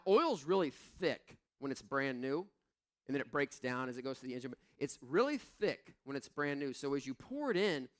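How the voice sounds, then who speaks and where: A middle-aged man preaching a sermon as pastor, telling personal stories in a conversational way that moves between hushed reflection and emphatic points. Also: a little high, clear, resonant tone.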